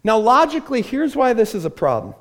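A man's voice: very high voice, wildly swooping pitch, fairly quick. A man preaching a sermon from a church stage, telling the story with animation and acting out the voices of the people in it. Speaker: pastor.

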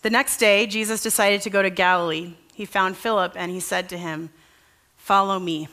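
A woman's voice: medium pitch, steady tone, brisk, sharp tone. A woman pastor giving a conversational sermon at a church service, earnest and casual, asking the congregation questions.

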